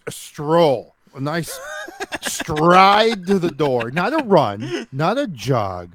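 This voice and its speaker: Animated man telling a wild story. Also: a little high, takes it slowly. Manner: swears a lot, acts out other people's voices in story. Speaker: podcast co-host. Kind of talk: animated storytelling, casual chat.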